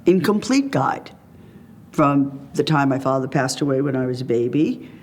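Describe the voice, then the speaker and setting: Speaking at a moderate pace, this woman has a rumbling low, darkish voice and an animated delivery. As a guest, she tells reflective personal stories freely, bringing them to life by quoting remembered dialogue.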